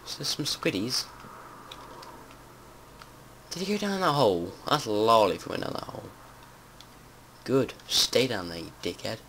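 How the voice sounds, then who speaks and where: A man giving casual let's-play commentary, chatty and prone to swearing and panicked yelling. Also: medium pitch, very animated, moderate pace, pauses often. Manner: chatty, swears a lot, panics and yells when startled. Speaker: gameplay commentator. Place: home room with window open. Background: faint outdoor noise and keyboard typing.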